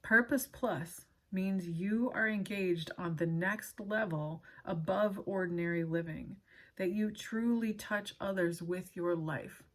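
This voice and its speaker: An earnest woman reads aloud from a book on her own channel, stopping for casual asides. Her voice is soft and breathy with a slightly husky edge. It sits a little low, and her emotion shows as she reads. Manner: earnest and emotional, pausing often to apologize.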